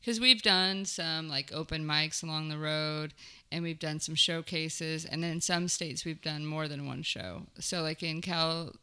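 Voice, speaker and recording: A woman's voice: low voice, fairly even intonation, a little slow, pushed and bright, clear, resonant tone. A young woman, a touring comedian, chatting casually and rambling as a guest, laughing often. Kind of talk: casual chat.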